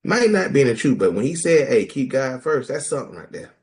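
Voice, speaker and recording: A man's voice: medium pitch, brisk. A man, talking casually and animatedly about scripture as a podcast co-host, joking and mimicking people. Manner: animated, jokey, mimics people in quoted voices. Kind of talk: casual group talk on scripture.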